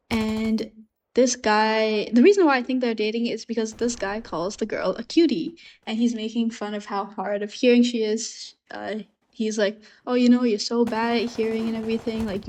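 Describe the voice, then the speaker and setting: A woman's voice: a little high, a little mellow. A young woman at university telling a story unscripted, rambling with many fillers and restarts, still coughing from a recent illness. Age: young adult. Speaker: university student.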